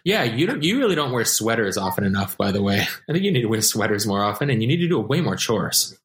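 A man's voice: lowish voice, fast talker. A man in his forties chatting casually, telling stories and acting out what other people said. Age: 40s. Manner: animated storyteller, acts out other people's lines. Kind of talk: casual chat. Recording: roomy echo.

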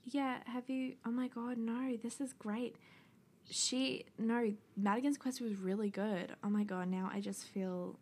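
A young woman, co-hosting a podcast in casual chat, blunt, excitable and quick to swear. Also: a little high, slightly rough. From New Zealand. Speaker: podcast co-host.

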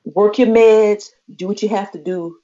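A woman's voice: mid-range voice, measured pace. A woman, casually telling a personal story on a podcast and acting out the voices of the people in it. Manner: animated, acts out quoted voices. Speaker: podcast co-host. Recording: slightly muffled lo-fi audio.

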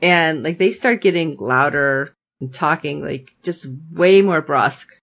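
A woman's voice: sits low, a little slow, creaky, highs cut off. A woman in casual chat, animatedly recapping a TV episode and acting out the characters' lines. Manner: animated storyteller, acting out both sides of the scene. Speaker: podcast co-host recapping a TV episode.

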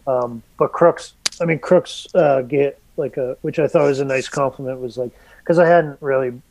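A man's voice: mid-range voice, moderate pace, darkish tone, poor audio. A man guesting as an artist, talking casually and rambling with lots of fillers, restarts and swearing. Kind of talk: casual conversation.

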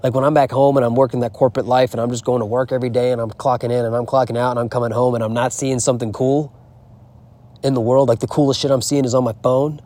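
A man's voice: medium pitch, little pitch movement, fast, dark tone. A man talking in a casual, rambling and profane vlog monologue, recorded outdoors on a horse farm. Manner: rambling, profane, candid storytelling. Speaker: travel vlogger.

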